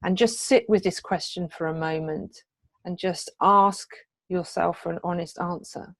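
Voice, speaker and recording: A woman's voice: fairly low pitch, steady tone, unhurried, dry recording. A middle-aged woman, a hypnotherapist and wellness coach, sharing her own story in an earnest, heartfelt way with frequent hesitations. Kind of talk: personal testimony in a coaching video.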